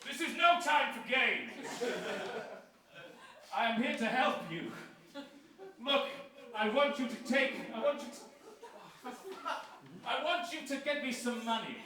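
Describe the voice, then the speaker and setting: A man playing the ghost of a dead brother on a live stage, speaking in a slow, grand, mock-archaic way. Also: extremely high pitch, lively intonation, pushed and bright, full character voice. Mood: scheming. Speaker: sketch comedian. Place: theatre stage. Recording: echoey theatre from far off.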